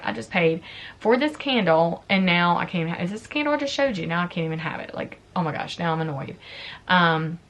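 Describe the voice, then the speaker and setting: Woman, thirties, beauty vlogger; candid, tearful chat, lower register. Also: fairly bright tone. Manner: emotional, tearful storytelling. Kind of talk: casual chat.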